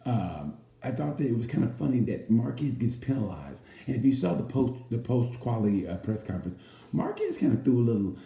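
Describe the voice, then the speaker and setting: A man's voice: mid-range voice, sing-song, brisk, gravelly, mellow. A man in casual chat about a motorcycle race, rambling and jokey, sometimes slipping into playful impressions. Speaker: racing commentator. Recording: roomy with faint background noise.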